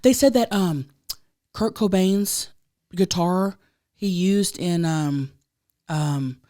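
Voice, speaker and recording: A loud woman in her thirties, a podcast co-host with a slightly low voice, tells a story in casual chat and drops into quick impressions of the people she quotes. The recording is dry and close, with no room sound.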